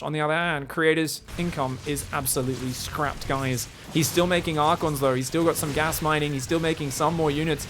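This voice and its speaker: A young man calls a live esports match, joking and analysing at a brisk clip before erupting into shouts when the fights break out. His voice sits fairly high for a man, with a faint hiss of noise behind it. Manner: excitable, jokey, rises to shouts in fights. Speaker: esports caster. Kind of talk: live game commentary.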